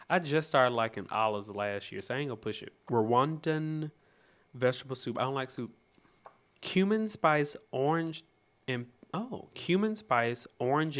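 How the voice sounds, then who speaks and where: A man with a Southern American accent hosting a casual cookbook review vlog, reading recipes aloud and chatting to viewers with sudden high exclamations. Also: a bit bright. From Southern United States. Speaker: host.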